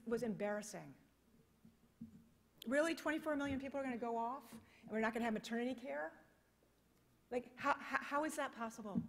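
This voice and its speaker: Passionate American woman giving a keynote. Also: fairly high pitch. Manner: passionate, emphatic, rhetorical questions. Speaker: keynote speaker. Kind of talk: conference keynote speech. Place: conference hall. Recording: long reverb of a conference hall.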